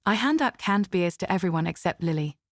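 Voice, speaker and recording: A woman narrating a first-person family drama story in an even, steady way. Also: lowish voice, a little fast, dry recording, clean studio sound.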